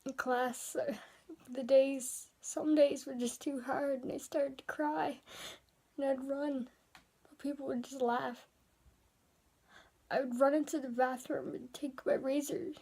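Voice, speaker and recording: High, gravelly woman half-whispering a story. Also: steady tone, unhurried. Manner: soft and hesitant, often sliding into a whisper. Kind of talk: first-person dramatic story narration.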